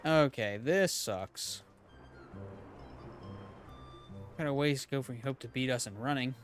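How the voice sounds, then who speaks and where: A man's voice: medium pitch, moderate pace. A man casually commenting and joking as he streams a video game. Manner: joking, reacts aloud to the game. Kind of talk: casual let's-play commentary. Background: game music.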